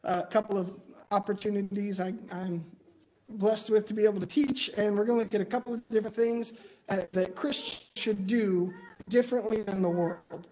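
A man's voice: high voice, steady tone, normal speed, darkish tone. Man, preacher, conversational sermon, personal stories, light humor, church setting. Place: church auditorium.

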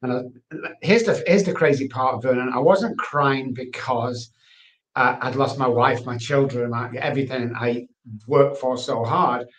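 A man's voice: mid-range voice, unhurried. Guy telling his life story, earnest, keeps repeating stuff, echoey room. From England. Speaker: guest. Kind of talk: candid personal testimony. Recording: roomy, echoey sound.

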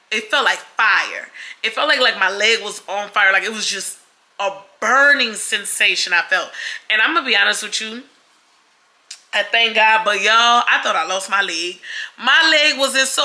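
A young woman tells her viewers a personal story in a relaxed vlog. Her voice is very bright and a bit high. She is animated and keeps acting out the other people's lines. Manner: animated, acts out quoted voices, addresses viewers as y'all. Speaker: vlogger.

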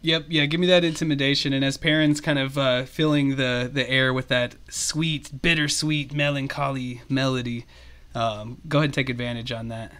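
A man narrating as game master, chatty and animated. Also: mid-range voice, moderate pace, a little hiss or hum.

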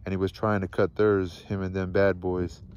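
A man reading a novel aloud, voicing a calm, firm mother who speaks with steady insistence. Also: deep voice, moderate pace, lo-fi sound, a little hiss or hum, natural voice. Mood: soothing.

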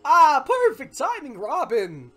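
Man doing a halting drawling celebrity-impression townsman. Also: extremely high pitch, huge pitch swings, pushed and bright, voice pushed up, exaggerated voice. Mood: deadpan drawl. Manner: slow, oddly paused, drawling delivery. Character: male townsman NPC, halting Christopher Walken impression. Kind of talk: comedic game let's-play voice acting.

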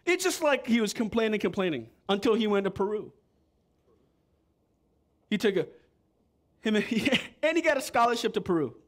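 A man preaching a sermon as pastor, animated and joking with the congregation. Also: high voice, moderate pace, pauses often. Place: church.

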